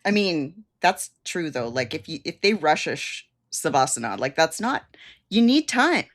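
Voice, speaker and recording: A woman co-hosts a casual recap podcast, tossing in playful jokes and voicing quotes in character. Her voice sits on the low side for a woman. Her pitch swings widely and expressively as she talks. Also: very animated, moderate pace. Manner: playful, jokey asides with acted-out quotes. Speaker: podcast co-host. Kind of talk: casual chat recapping a TV episode.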